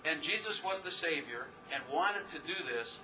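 A man's voice: a little high, animated, normal speed, background noise. A man preaching a casual, rambling sermon as pastor, often laughing at himself as he talks.

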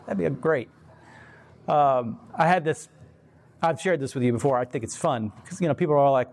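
A man giving a casual, rambling faith talk, animated, laughing often and putting on voices for quoted people. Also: medium pitch, fairly quick, long pauses. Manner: rambling, many fillers and restarts. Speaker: Christian speaker.

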